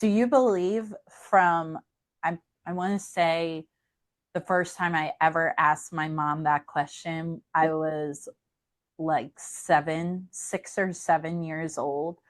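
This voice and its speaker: Heartfelt low-voiced woman hosting. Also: slow. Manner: heartfelt, animated. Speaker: podcast host. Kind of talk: casual podcast chat.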